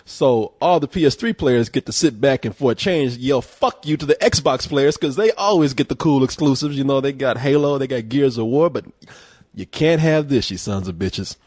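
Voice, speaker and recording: Man, podcast host, joking, profane, mid pitch, dry close sound. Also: lively intonation, moderate pace, darkish tone, no echo. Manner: profane, joking, laughs often. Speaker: podcast host reviewing a game. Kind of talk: casual podcast banter.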